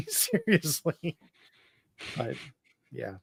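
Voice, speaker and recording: A man's voice: mid-range voice, normal speed, no echo, clean studio sound. A man in his thirties hosting a casual fan podcast, rambling with many restarts and fillers. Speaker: podcast host. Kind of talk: casual chat.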